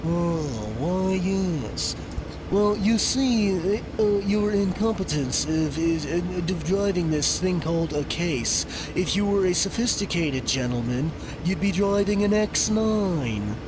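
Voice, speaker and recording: A man putting on a pompous, boastful gentleman who talks slowly and grandly. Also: high-pitched, background noise. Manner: slow, drawn-out, pompous.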